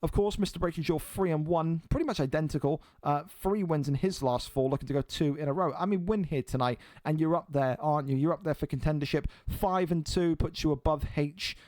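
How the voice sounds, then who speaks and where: A man's voice: on the high side, brisk, hardly any pauses, darkish tone, no room sound. A man hosting and commentating an online fight league live stream, blunt and exasperated, swearing freely.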